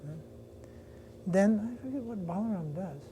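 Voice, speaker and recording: A man's voice: sits high, normal speed, dark tone, a little hiss or hum. A man, a swami, giving a devotional class, retelling a story in a loose, conversational way with restarts and asides to his listeners. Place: lecture room with listeners.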